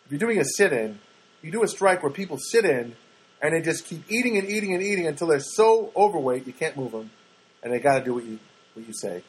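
Man, husky voice, fairly high, casual rambling monologue, wry asides. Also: big pitch swings, fast, rough recording. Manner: rambling, many fillers and restarts, wry. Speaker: vlogger.

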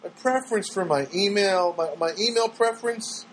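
A man's voice: sits high, moderate pace, a bit bright, slight background noise, poor audio. A man telling an everyday story as a sarcastic, exasperated rant, rambling with restarts. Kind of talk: storytelling monologue.

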